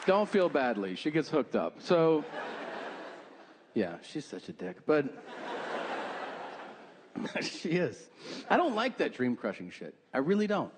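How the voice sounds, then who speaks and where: A man's voice: on the high side, wildly swooping pitch, takes it slowly, pauses often, crowd noise. A man performing a stand-up comedy set on stage, telling profane stories about his family with mocking impressions. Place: comedy stage before a live audience. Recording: live show with audience noise.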